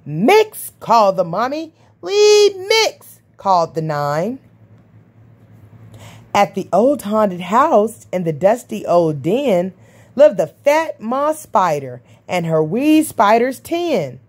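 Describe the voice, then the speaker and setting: A woman's voice: big pitch swings, takes it slowly, darkish tone. A woman reading a rhyming picture book aloud in a sing-song rhythm. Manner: sing-song rhythm, jumping high for the creature calls. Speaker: storybook reader.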